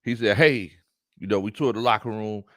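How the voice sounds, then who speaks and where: A man hosting a live sports talk stream, animated, laughing often and greeting his chat. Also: fairly low pitch, moderate pace, no echo, studio quality. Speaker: sports talk show host.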